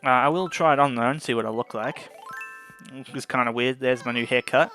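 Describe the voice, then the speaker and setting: A man's voice: mid-range voice, a little fast, pushed and bright, soft background music. A man giving casual gameplay commentary into a desk microphone, chatty and often tripping over his words. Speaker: gameplay video host. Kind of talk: casual let's-play commentary.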